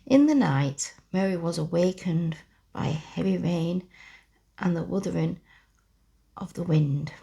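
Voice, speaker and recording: Close to the mic, a woman whispers a classic children's story slowly and softly as a relaxation role-play in the ASMR style. Her lowish voice is expressive, gravelly and husky.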